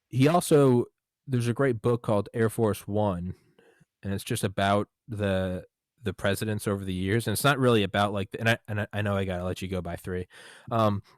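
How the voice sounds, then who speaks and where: Man hosting a casual chat, lowish voice, dry close sound, acts out quotes, swears casually. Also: no room sound. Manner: animated, acts out quotes in a raised voice. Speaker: podcast host.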